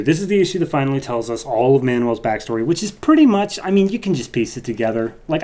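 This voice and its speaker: A man's voice: medium pitch, dark tone. A man who reviews comic books, giving a loose, rambling podcast recap full of asides.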